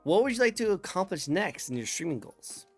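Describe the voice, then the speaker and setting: A woman's voice: on the low side, very animated, a little fast, a little mellow, soft background music. A woman hosting a casual interview, upbeat, laughing along and repeating her phrases. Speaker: interview host.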